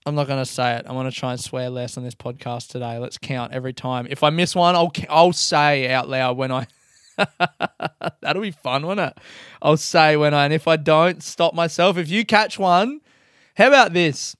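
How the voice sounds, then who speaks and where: A young man hosting his podcast in a casual, rambling monologue, excitable and swearing freely. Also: a little high, moderate pace, clean tone, no room sound, clean studio sound. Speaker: podcast host and comedian.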